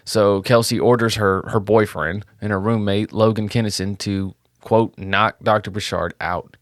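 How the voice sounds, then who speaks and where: A man co-hosting a true crime podcast, retelling the case in a relaxed, casual way and swearing now and then. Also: lowish voice, moderate pace, no room sound, studio quality. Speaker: podcast co-host.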